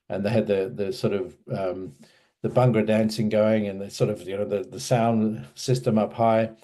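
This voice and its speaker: A man's voice: on the low side, warm tone. A man, recalling a story in a hesitant, rambling way with many fillers. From Australia. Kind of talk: casual spoken recollection.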